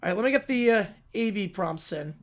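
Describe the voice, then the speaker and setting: Low-key male stream host. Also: expressive, a little fast. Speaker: livestream host. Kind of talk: live game reaction.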